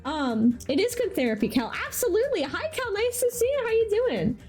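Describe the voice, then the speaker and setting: A woman's voice: extremely high pitch, big pitch swings, fairly quick, a little mellow, soft background music. A woman hosting a live stream, chatting casually and reacting animatedly to viewers' artwork. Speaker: livestream host showcasing community art.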